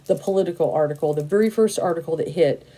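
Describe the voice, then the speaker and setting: A woman in her fifties with a lowish, mellow voice, talking straight to camera as a tarot reader. She is blunt and emphatic, swears casually, and circles back to repeat her points with plenty of "you know" and "and stuff". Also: fast talker. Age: 50s. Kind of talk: casual opinionated monologue.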